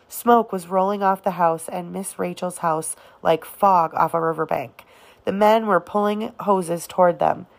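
Woman reading a book out loud, lowish voice, lots of vocal fry, slow and steady. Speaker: reader. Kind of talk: audiobook narration.

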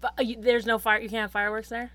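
A woman chatting casually on a podcast, lively and quick to laugh, with playful asides. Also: a little high. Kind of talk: casual chat. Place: lives in Los Angeles.

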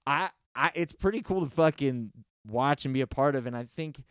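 Profane rambling man, smooth voice. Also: moderate pace, a bit bright. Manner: profane, rambling, mimics singers in high mocking voices. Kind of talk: casual chat.

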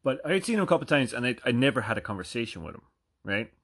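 A man's voice: mid-range voice, sing-song, very fast, fairly bright tone, slightly rough. An Irish man in his thirties telling a rambling, profane story and checking in with "right?" often. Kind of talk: casual anecdote.

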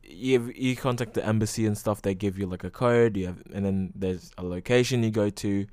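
A man's voice: fairly low pitch, fairly quick, a little mellow, dry recording. A young man hosting a casual solo podcast, rambling loosely with lots of fillers and frequent swearing. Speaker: podcast host.

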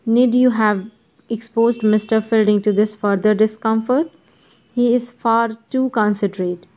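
A woman's voice: fairly high pitch, fairly even intonation, a little slow, darkish tone, lightly acted, rough recording. A woman voicing a scornful, biting barrister. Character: proud, biting Indian man, a barrister.

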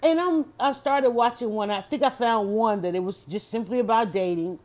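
A woman chatting casually on her own, animated and exclamatory, often restarting her sentences. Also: fairly high pitch, moderate pace. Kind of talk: casual solo chat.

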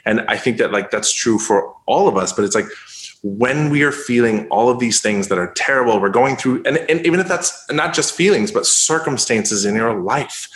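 A man's voice: mid-range voice, moderate pace, a bit bright, echoey room. A man speaking as a guest in an interview, rambling and full of "like" as he encourages people through hard times. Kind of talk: casual interview talk.

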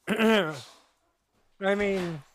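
A man's voice: sits high, drawn-out words, a little hiss or hum. An American man co-hosting a podcast in casual comedy chat, often stammering and restarting. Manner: stammering, restarting, laughing easily. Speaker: podcast co-host.

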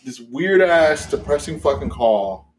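A young man chats on his podcast in a loose, storytelling way. He rambles, swears freely, and gets animated at the strange parts, with plenty of fillers along the way. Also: fairly high pitch, measured pace. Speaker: podcast host. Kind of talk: casual storytelling chat.

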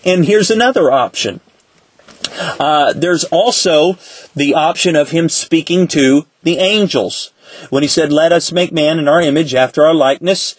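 A man teaching a Bible study lesson in a conversational way, asking rhetorical questions and slowing down to quote scripture. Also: on the high side, husky, no room sound.

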